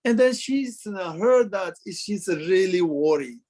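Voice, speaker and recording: A Tibetan man in his fifties, a Buddhist lama, tells his story in hesitant broken English with many pauses and fillers. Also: high voice, expressive, darkish tone. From Kham, Tibet. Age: 50s. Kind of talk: halting interview storytelling.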